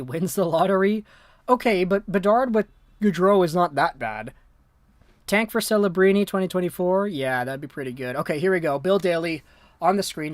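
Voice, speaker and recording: A woman hosting a livestream, giving excitable live reaction commentary and talking to viewers in the chat, swinging from low muttering to shouted disbelief. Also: dry recording. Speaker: livestream host.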